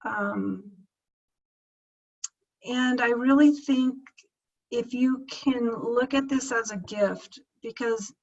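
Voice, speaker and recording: A woman's voice: fairly high pitch, takes it slowly, gravelly, long pauses, a little mellow, muffled recording. A woman in her fifties giving a heartfelt coaching talk to her team, earnest and close to tears, repeating herself as she speaks. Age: 50s. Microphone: screen-share video recording.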